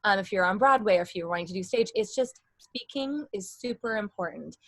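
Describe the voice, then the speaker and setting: A woman's voice: medium pitch, animated, brisk, a bit bright, no echo. Chatty woman vocal coach, dry close sound. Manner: chatty, demonstrative, rambling. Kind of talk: casual vocal lesson.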